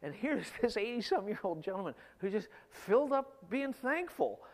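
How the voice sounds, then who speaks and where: A middle-aged man delivers a sermon in a fairly high voice, his words trailing off into a long hall reverb. He swings between emphatic bursts and quiet, drawn-out passages. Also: big pitch swings. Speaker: pastor.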